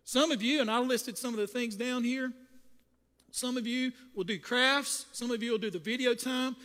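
Here the pastor's voice is very high and sharp, moving at a normal speed as he delivers folksy, comic stories to volunteers with plenty of emphasis. A long hall reverb fills the church sanctuary around him.

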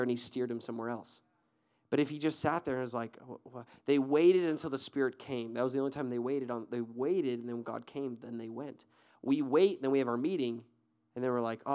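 A man preaching a sermon as pastor, energetic and conversational, often asking the crowd questions and restarting his sentences. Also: medium pitch. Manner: fillers and repeated restarts.

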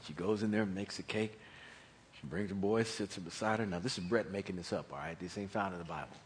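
Animated storytelling preacher man. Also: low voice, quick pace, slight background noise. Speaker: pastor. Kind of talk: sermon.

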